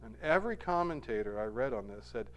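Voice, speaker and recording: This preacher speaks fast and expressively at medium pitch, rising to loud, emphatic peaks before sinking to soft, quiet asides. He acts out the words he quotes with emotion.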